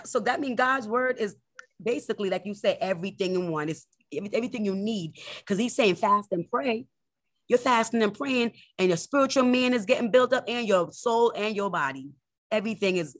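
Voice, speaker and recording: A woman's voice: a bit bright, no echo. A woman minister preaching fervently in an online morning prayer, quoting scripture and mocking critics in a raised voice. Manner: fervent preaching with Bible quotes; mocks critics in a high voice.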